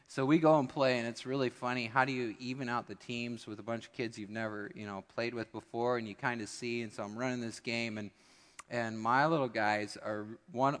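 A male pastor delivering a sermon in a church, telling a funny story and acting out the people in it. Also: medium pitch. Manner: humorous storytelling with acted-out voices. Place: church sanctuary. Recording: long church hall reverb.

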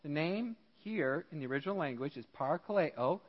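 An American man preaching a sermon as pastor, animated and acting out characters in dialogue. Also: a little high, brisk, in a large hall, dull audio. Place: church.

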